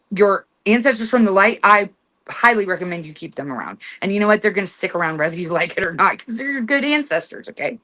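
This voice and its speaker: Brief: woman host, chatty and emphatic, mid-pitched voice, casual instructional radio talk. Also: animated, fast, sharp tone. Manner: chatty, emphatic, acts out commands with authority.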